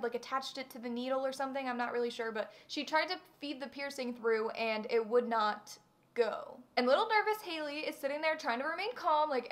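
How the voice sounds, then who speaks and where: A young woman telling a personal story in a casual vlog, animated and exaggerated, full of fillers. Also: high voice. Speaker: vlogger.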